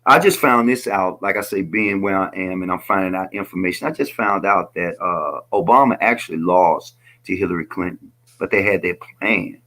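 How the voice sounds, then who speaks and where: A man's voice: low voice, normal speed, hardly any pauses, sharp tone. A man speaking as a guest on a casual political call-in show, emphatic and rambling, lecturing his listeners.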